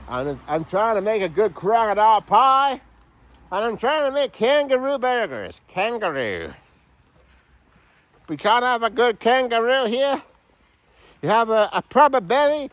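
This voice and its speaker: A man's voice: high voice, big pitch swings, measured pace, a bit bright, dry recording, heavily acted. A man voicing a cheery, rambling male Australian bush cook in a put-on Australian accent.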